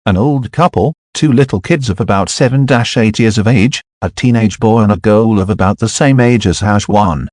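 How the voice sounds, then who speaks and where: Low male narrator for a novel audiobook, steady and even, dry recording. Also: normal speed, hardly any pauses, no echo.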